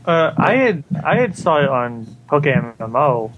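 A man's voice: a little high, very animated, measured pace, muffled recording. Man, podcast guest, hesitant casual chat, light noise.

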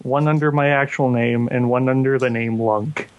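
A man co-hosting a casual podcast, talking in a slow, amused way. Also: mid-range voice, fairly even intonation, dry recording, lo-fi sound. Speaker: podcast co-host. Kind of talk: casual chat.

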